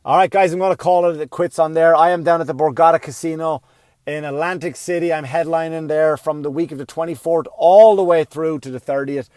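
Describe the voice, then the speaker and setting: A male comedian hosting his own podcast, ranting loudly and profanely in a comic monologue. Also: on the high side, steady tone, a little fast, dry recording, studio quality. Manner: loud, yelling, profane.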